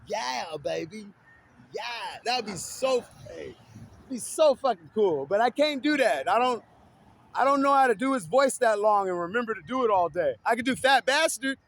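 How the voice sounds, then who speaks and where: A man's voice: very high-pitched, lively intonation, a little fast, fairly bright tone. A man talking in a casual, rambling vlog monologue, swearing freely and often breaking into laughter.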